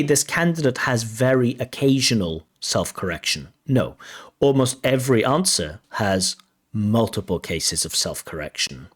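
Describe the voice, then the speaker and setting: A man working as a language test examiner, giving spoken feedback in a measured, think-aloud way and correcting himself as he goes. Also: medium pitch, very animated, husky. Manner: measured, reads out band descriptors and questions them.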